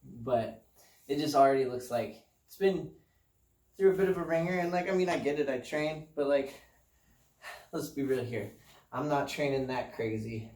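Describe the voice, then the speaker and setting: A man's voice: medium pitch, moderate pace, pauses often, a little mellow, distant mic. A man rambling casually and self-deprecatingly about his apartment home gym. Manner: laid-back, meandering, self-deprecating. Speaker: fitness vlogger. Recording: roomy sound, voice off-mic.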